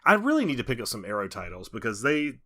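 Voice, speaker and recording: Bright-voiced man co-hosting a podcast. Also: mid-range voice, huge pitch swings, fast talker. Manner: reads out release details, laughs often. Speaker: podcast co-host. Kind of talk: casual podcast chat.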